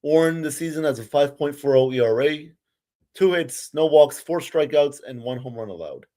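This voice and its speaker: A man's voice: on the high side, expressive, moderate pace, mellow. A young man doing amateur live play-by-play of a baseball game as a frustrated, ranting fan who curses now and then.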